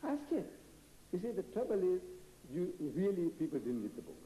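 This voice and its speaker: An older man from India, raised in South Africa, delivers a combative, animated lecture full of rhetorical questions. His voice sits high yet sounds very dark and mellow. The sound rings with the long, echoey reverb of a large auditorium. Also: fast. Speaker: lecturer answering audience questions. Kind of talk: public lecture Q&A. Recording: echoey hall.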